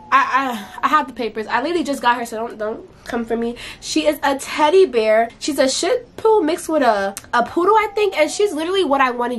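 Chatty high-voiced teenage girl vlogging. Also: a little hiss or hum. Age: late teens. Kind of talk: casual vlog chat.

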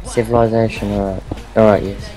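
A man's voice: on the low side, flat delivery, brisk, warm tone, rough recording. A young man playing a game with a friend, teasing him dryly and grumbling about dying. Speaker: co-player. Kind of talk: casual gameplay chat.

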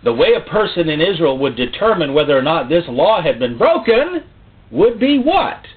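A man's voice: fairly high pitch, big pitch swings, normal speed. A man preaching a sermon, theatrical, full of rhetorical questions. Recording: tinny phone-like sound.

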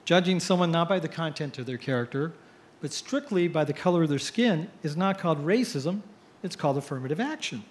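A middle-aged man giving an after-dinner speech, telling jokes with punchline pauses. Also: fairly high pitch, animated. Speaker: editorial cartoonist giving a speech. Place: cruise ship event.

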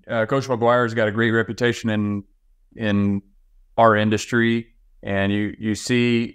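A male head football coach in his forties answering interview questions in a measured way, with frequent pauses. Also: mid-range voice, clean tone, no echo. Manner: measured, with many fillers and restarts.

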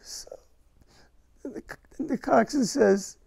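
Old man with a deep gravelly rasp. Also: darkish tone. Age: older. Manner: halting, repeats words, emotional. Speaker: war veteran interviewee. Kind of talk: first-person war recollection.

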